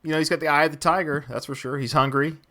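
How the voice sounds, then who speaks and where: A man's voice: fairly high pitch, steady tone, racing, bright, forceful tone, a little hiss or hum. A man hosting a podcast, chatting casually about a film, laughing often and quoting lines from it. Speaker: podcast host.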